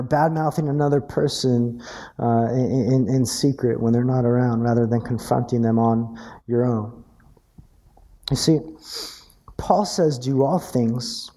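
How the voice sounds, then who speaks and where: A man preaching a sermon, animated and earnest, often stammering over repeated words as he builds emphasis. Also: medium pitch. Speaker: pastor.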